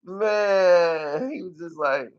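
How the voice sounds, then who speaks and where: A man reviewing a movie in casual talk, animated and laughing often as he acts out scenes. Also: sits high, drawn-out words, lo-fi sound.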